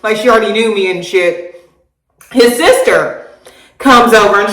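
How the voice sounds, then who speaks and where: A woman's voice: mid-range voice, normal speed. Thirties woman doing a storytime vlog, laughs a lot, cusses, echoey room sound. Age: 30s. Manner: animated, laughing, swearing freely. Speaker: vlogger. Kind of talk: casual storytime chat. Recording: roomy echo.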